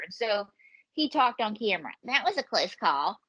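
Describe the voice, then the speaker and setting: A woman's voice: medium pitch, expressive, moderate pace, a bit bright, highs cut off. A woman comedian and ventriloquist telling rambling, jokey anecdotes as a guest on a podcast. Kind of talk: comic storytelling in a podcast interview.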